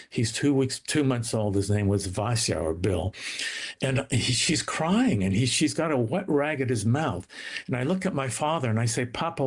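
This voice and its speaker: As a guest in an interview, a man recounts his family's story with earnest drama. His pitch keeps shifting, his voice rising and falling as he tells it.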